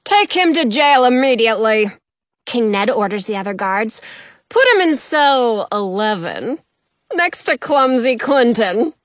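A woman acts out a tall, imposing storybook king who bellows his orders with pompous grandeur. The delivery is slow and dry, with a high, sweeping voice. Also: very animated, dry recording. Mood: commanding.

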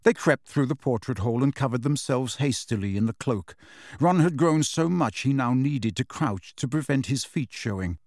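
A man narrating a storybook at a middle pitch, steady and unhurried. He shifts his voice slightly for the characters. The recording is dry and close to the mic. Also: no room sound. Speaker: audiobook narrator. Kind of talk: scripted narration.

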